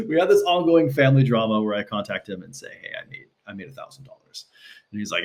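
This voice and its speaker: A man speaking as a guest on a podcast, telling stories casually and acting out quotes with shifting pitch. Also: fast talker, slight background noise. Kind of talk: casual conversational storytelling. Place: Los Angeles.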